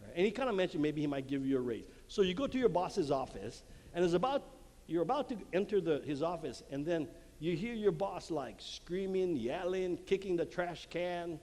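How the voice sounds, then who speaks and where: On the high side and a little mellow, this man's voice has lively intonation and normal speed. He's speaking before a live audience in a church hall at a marriage conference, acting out little quotes and laughing at his own jokes in a lively way. Handheld mic, long hall reverb, faint room noise.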